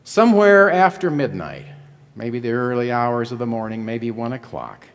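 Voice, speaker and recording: Male lecturer, vivid dramatic narrator, average pitch, recorded in a large reverberant hall. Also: lively intonation, normal speed. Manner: vivid, dramatic narration with wide swings in loudness.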